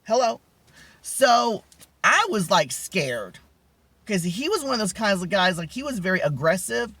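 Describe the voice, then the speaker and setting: A man vlogging, telling a personal story casually with many fillers, restarts and dramatic pitch swings. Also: big pitch swings, a little slow, pushed and bright, dry recording.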